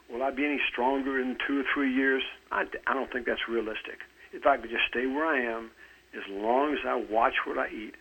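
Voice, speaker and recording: A man's voice: medium pitch, pushed and bright, husky, low-quality recording. A man in his seventies, an author talking about fitness in an interview, earnest, often repeating a word as he starts a sentence. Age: 70s. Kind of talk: conversational interview.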